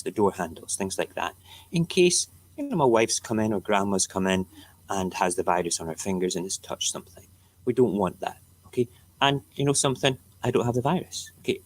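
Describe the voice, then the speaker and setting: A middle-aged man with an Edinburgh Scottish accent, hosting a casual live stream, reading the newspapers aloud and joking and ranting back at his chat. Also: lowish voice. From Scotland. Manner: ranting, jokey, talks back to chat viewers.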